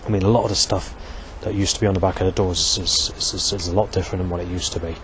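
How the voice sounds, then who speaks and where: A middle-aged man speaks in a low voice, wandering from point to point, often stumbling and restarting his sentences. He swears casually as he talks. He is recorded outdoors, with loud street and traffic noise behind him. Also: fairly even intonation, quick pace. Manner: meandering, frequent restarts and swearing. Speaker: vlogger. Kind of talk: rambling monologue.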